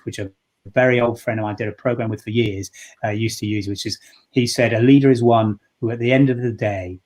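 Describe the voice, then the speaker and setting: A man's voice: fairly low pitch, darkish tone, breathy edge. A man, a leadership coach speaking earnestly and reflectively in an interview, often restarting his sentences. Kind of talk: interview answer.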